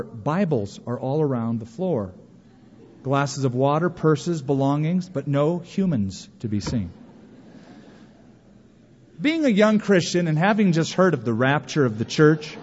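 A man preaching a sermon to a congregation, lively and storytelling, acting out imagined complaints in a raised voice. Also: on the high side, a little slow, pauses often, a little hiss or hum. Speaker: pastor. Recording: dull lo-fi sound with long reverb of a large hall.

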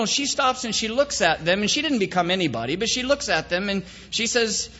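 Male preacher, high pitch, folksy storyteller turned solemn; echoey, dull hall recording. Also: big pitch swings, a little fast, few pauses, sharp tone. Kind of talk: sermon with a comic story and prayer.

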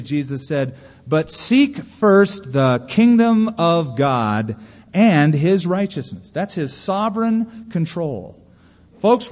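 Preaching a sermon with rhetorical questions and story asides, this California pastor sounds earnest in a fairly high, darkish, slightly rough voice. It's a dull, lo-fi recording in a reverberant hall.

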